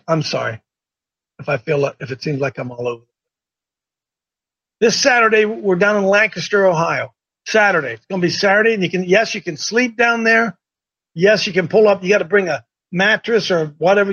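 A male host who rambles in a folksy, easygoing way and keeps cutting himself off. His voice sits a little high for a man and sounds close and dry. The recording is dull and lo-fi. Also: a bit bright, no echo. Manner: rambling, folksy, self-interrupting. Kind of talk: casual livestream chat.

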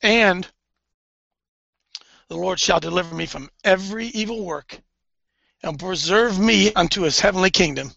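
Fervent male preacher, gravelly and bright-toned, on a dull, dry lo-fi recording. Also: sits high, normal speed, pauses often, no room sound. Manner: fervent, swings between hushed and loud. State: tearful. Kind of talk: impassioned preaching.

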